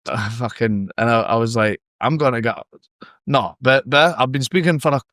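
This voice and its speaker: A Scottish man telling a story on a podcast, in a casual, animated and sweary way. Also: mid-range voice, moderate pace, no room sound, studio quality. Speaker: podcast guest.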